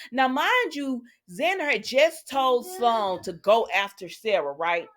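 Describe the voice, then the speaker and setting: A woman's voice: medium pitch, sing-song, a little slow, hardly any pauses. Chatty woman recapping a soap. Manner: chatty, retells scenes in quotes, talks to viewers directly. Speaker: soap opera recap host. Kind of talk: casual episode recap.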